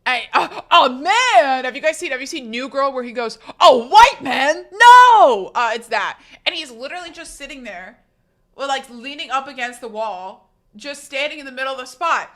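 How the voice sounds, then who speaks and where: Bright-voiced young woman streamer, animated chat. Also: high voice, normal speed. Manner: animated, swearing, rambling storytelling. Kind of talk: casual live-stream chat.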